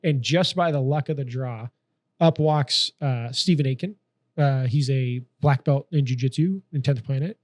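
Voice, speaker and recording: A man in his thirties telling a profane, animated story in casual podcast chat, acting out the people in it. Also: mid-range voice, normal speed. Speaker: guest.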